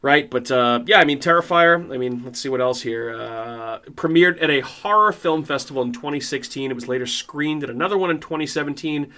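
A man's voice: on the high side, a little fast, hardly any pauses, sharp tone. A man co-hosting a podcast, in loose banter full of swearing and laughter. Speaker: podcast co-host. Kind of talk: casual chat.

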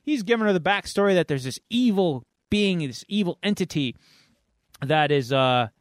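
High-voiced man rambling in casual chat. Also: lively intonation, moderate pace, dry recording, studio quality. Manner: rambling recap with many fillers and asides. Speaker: podcast host.

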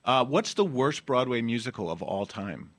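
A man's voice: medium pitch, sing-song, a bit bright. Wry male podcast host. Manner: quick, wry quiz-host banter. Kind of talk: casual interview chat.

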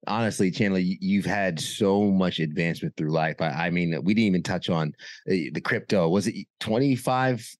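A male podcast host with a very low voice asks thoughtful questions and affirms what his guest says. The sound is dry and close, with no room echo. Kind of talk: casual interview talk.

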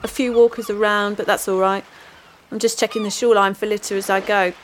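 A woman playing a deadpan police officer, then a dry midwife, in a comedy sketch. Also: medium pitch, brisk, a little hiss or hum, lightly acted, poor audio. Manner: deadpan matter-of-fact reporting. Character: deadpan female reporter-constable on patrol.

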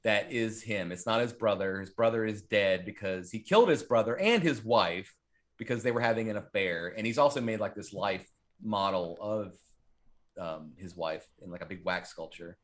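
On his podcast, an ordinary-sounding man discusses a horror movie in a loose, casual way, rambling and cursing freely. His voice is lowish and his pace moderate, and he leans heavily on fillers like "like" and "um."

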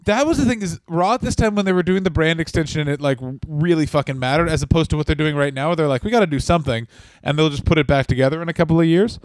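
A man co-hosting a comedy podcast, quick to riff and swearing as he jokes. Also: a little high, darkish tone, no room sound. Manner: joking, quick to riff, profane. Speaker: podcast co-host. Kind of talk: casual comedic chat.

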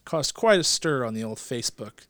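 A man's voice: mid-range voice, animated, moderate pace, a bit bright, dry recording, studio quality. Playful podcast host, a man. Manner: playful, teasing, laughs often. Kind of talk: casual movie podcast chat.

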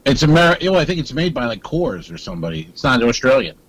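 A man's voice: medium pitch, sing-song, fast talker, a bit bright, breathy edge. A man co-hosting a casual comedy talk show, bantering easily with mock indignation. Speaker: comedian co-host. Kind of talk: casual chat.

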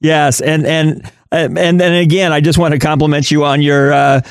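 A man's voice: fairly high pitch, little pitch movement, normal speed, no room sound. A man co-hosting a radio talk show, chatting enthusiastically and laughing often.

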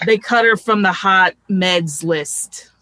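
A woman's voice: on the low side, slow, bright, forceful tone, no room sound, poor audio. A woman reading a prison booth officer. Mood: matter-of-fact. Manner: hesitant, apologetic. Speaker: actor in a table read. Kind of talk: live script reading.

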